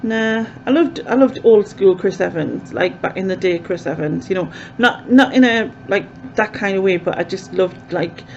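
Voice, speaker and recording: A woman's voice: medium pitch, normal speed, few pauses, highs cut off, a little hiss or hum. Chatty woman vlogging. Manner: chatty and rambling, with lots of "um" and "like". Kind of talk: casual chat to camera.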